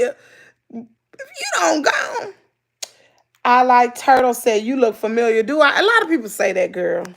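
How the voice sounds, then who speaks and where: This livestream host, a woman with a Southern accent from Mississippi, chats casually with viewers and tells stories full of country slang. Her voice sits high with a gravelly fry, and she speaks animatedly, laughing loudly and replying to comments as she reads them out.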